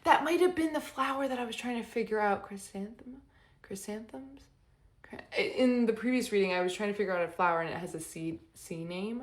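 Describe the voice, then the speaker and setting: A woman doing an intuitive tarot reading in a loose, rambling way, often stopping herself and laughing. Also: medium pitch. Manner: rambling, self-interrupting, giggly. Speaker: tarot reader.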